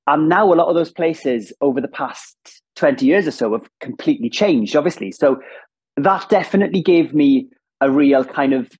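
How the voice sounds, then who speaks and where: A man from south-west Wales with a strong accent, a TV presenter talking as a guest in a lively, animated way and laughing as he speaks. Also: a little high, moderate pace, breathy edge. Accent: south-west Welsh. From Ammanford, south-west Wales. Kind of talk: casual interview chat.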